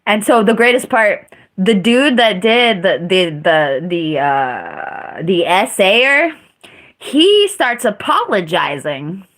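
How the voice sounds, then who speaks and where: Female streamer, unhurried, blunt and profane storyteller. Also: medium pitch, very animated, a bit bright. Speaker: live streamer. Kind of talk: casual storytelling.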